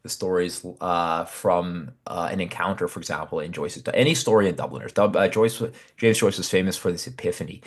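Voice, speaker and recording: A man's voice: deep voice, fairly quick, hardly any pauses. A man hosting a literature podcast, talking through a short story in a loose, thoughtful way with many fillers and restarts. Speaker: podcast host discussing literature. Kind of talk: casual spoken literary analysis.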